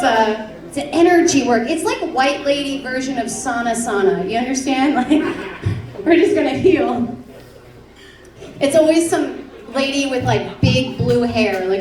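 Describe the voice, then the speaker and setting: A high-pitched woman doing a stand-up set on a club stage, brash and self-mocking. She takes her time between punchlines. Her voice sounds roomy and a bit distant, and a loud crowd laughs behind her. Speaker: stand-up comedian. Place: comedy club stage before an audience. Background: audience laughter.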